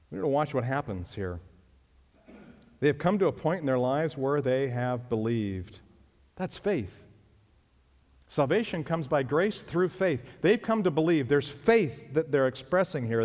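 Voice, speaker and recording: A man preaching a sermon as pastor, emphatic and leaping up in pitch on key phrases. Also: a little mellow. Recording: long reverb of a hall.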